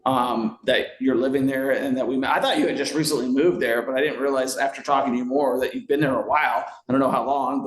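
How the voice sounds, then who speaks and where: A man hosting an interview, affirming and enthusiastic as he asks his guest questions. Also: mid-range voice. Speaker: host. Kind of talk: casual interview chat. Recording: roomy echoey room.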